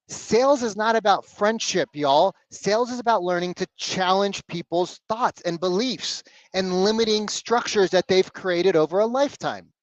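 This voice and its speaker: A man coaching salespeople live on a video call, blunt and animated, swearing casually. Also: sits high, dry recording, dull audio.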